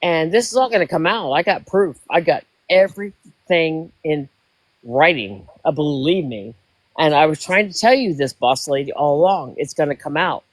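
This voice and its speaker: A woman's voice: low-pitched, lively intonation, normal speed, no echo, poor audio. Older woman, 60s, emotional rambling storyteller, dry recording. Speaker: guest. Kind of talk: casual chat.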